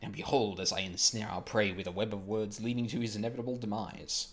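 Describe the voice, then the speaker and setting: A man's voice: on the low side, fairly even intonation, fast talker, lightly acted. A man playing a grandiose vain inspector. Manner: grandiose, theatrical. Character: vain male inspector, young, theatrical.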